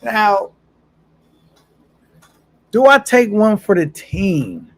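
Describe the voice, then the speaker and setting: A man's voice: high-pitched, very animated, drawn-out words. A man casually chatting on a live stream, reading viewer comments aloud in a laid-back, slangy way and laughing often.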